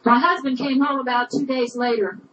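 A woman's voice: high-pitched, steady tone, moderate pace, a bit bright, muffled recording, a little hiss or hum. A woman telling a personal story with indignation, often repeating "I said" as she recounts arguments. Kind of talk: personal testimony.

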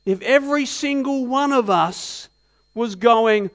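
A man's voice: extremely high pitch, slow. A man preaching a sermon as pastor in a church, asking the congregation many rhetorical questions and telling stories with animation. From Australia. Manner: animated storytelling.

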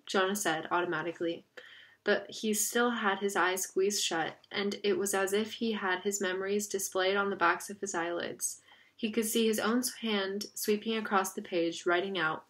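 Woman reader, mid-pitched, plain storytelling narration of a novel. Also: fairly even intonation, moderate pace, fairly bright tone. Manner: plain storytelling reading with small slips. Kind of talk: reading a novel aloud.

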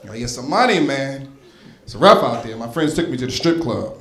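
A man's voice: medium pitch, very animated, a little fast, very noisy. A man from North Philadelphia doing a live stand-up routine on a club stage, talking straight to the crowd in a punchy, conversational way. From North Philadelphia, USA. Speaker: stand-up comedian. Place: comedy club stage before a live audience. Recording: roomy live club recording with crowd laughter. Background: audience laughing.

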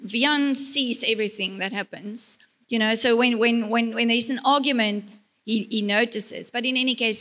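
A woman's voice: on the high side, sharp tone. A woman speaking earnestly at a church marriage talk, often repeating words as she goes.

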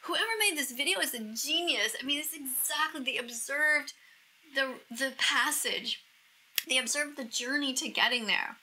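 A middle-aged woman vlogging to camera as she reacts to a video. She talks in an emotional, gushing way and often drops into a breathy whisper. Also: high voice, moderate pace, pushed and bright, low-quality recording. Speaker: vegan activist vlogger.

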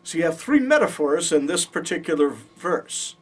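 In a Bible college classroom, a man lectures patiently and checks in with his students. His voice is a little high, with big pitch swings, at a normal speed. The recording picks him up from far off.

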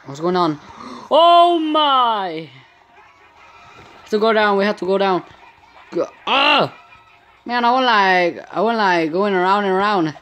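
Excitable man narrating his gameplay. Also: high-pitched, moderate pace, faint music behind. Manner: excitable, frequent startled exclamations. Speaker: gaming channel host. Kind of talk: live gameplay commentary.

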